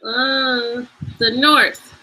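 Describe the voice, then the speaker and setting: A woman's voice: a little high, fairly even intonation, extremely slow, bright, forceful tone, low-quality recording. A woman playing a tabletop role-playing game, speaking in a hesitant, playful way. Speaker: player.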